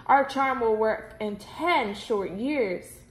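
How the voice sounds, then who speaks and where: A woman voicing a group of mysterious magicians in a low, slow, sing-song chant, in a roomy space. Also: steady tone. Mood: solemn. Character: chorus of mysterious male magicians. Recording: roomy echo.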